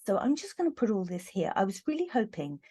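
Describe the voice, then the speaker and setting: A woman's voice: medium pitch, big pitch swings, mellow, husky. Earnest woman doing a tarot reading. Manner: earnest, halting, with many fillers. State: getting emotional. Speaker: tarot reader. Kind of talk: casual tarot reading to camera.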